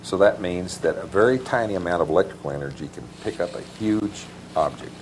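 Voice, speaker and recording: A man's voice: low voice, brisk, slight background noise. A man answering interview questions as an author guest, meandering with many fillers and restarts. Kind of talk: rambling conversational interview answers.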